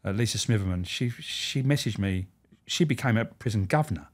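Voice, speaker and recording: Speaking briskly with a breathy edge, a fairly low-pitched man recalls his time as a prison officer in blunt stories peppered with swearing. He's lively and mimics the voices of people in his tales.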